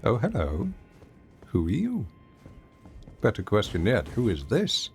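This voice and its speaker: A man's voice: lowish voice, wildly swooping pitch, measured pace, soft background music. A man streaming a video game, giving casual, playful, self-mocking commentary as he plays.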